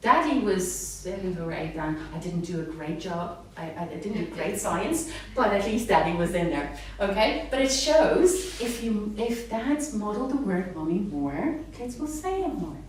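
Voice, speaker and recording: Lively speech therapist lady talking to parents, big echoey room, a bit far from the mic. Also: mid-range voice, measured pace, few pauses, a little hiss or hum. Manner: animated, models words in a sing-song voice. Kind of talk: live talk to parents. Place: hall with a live audience.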